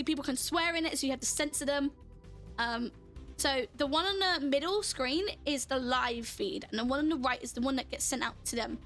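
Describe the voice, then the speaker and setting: A woman's voice: high-pitched, fairly bright tone. A woman streamer chatting casually while playing a game, laughing often and answering her chat as she goes.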